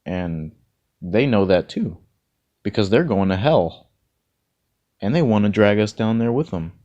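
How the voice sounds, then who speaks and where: Low-voiced man in rambling monologue. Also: a little mellow. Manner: rambling, repeats words, chuckles often. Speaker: vlogger. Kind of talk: casual spoken monologue of encouragement.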